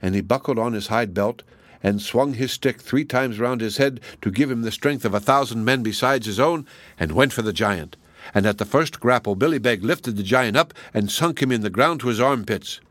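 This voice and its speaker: A man narrating an old folk tale aloud in a lively storybook reading. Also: medium pitch, moderate pace, no room sound.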